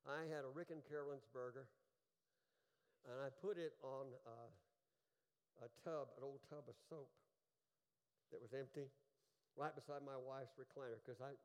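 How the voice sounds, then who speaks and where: A man's voice: mid-range voice, fairly even intonation, fairly quick, long pauses, smooth. Earnest older man preaching in a hall. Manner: earnest, emphatic, rising to fervent peaks then dropping soft. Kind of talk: sermon with personal stories. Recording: long hall reverb.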